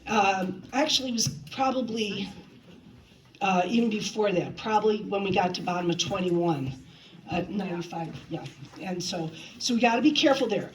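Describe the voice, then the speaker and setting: Chatty woman choir director, slightly high. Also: normal speed, slight background noise, poor audio. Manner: chatty, demonstrates phrases by singing and counting. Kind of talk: rehearsal instruction. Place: rehearsal hall with choir present.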